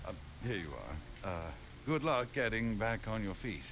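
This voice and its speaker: A man's voice: on the low side, normal speed. An actor playing a nervous, hesitant well-off man being shaken down in a video game. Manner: hesitant, stammering. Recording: game audio with steady noise.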